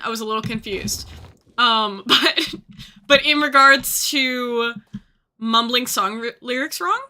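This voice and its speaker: A woman's voice: fairly high pitch, bright, forceful tone. A young woman streaming a game, chatting casually and rambling with lots of fillers. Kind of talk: casual gaming stream chat.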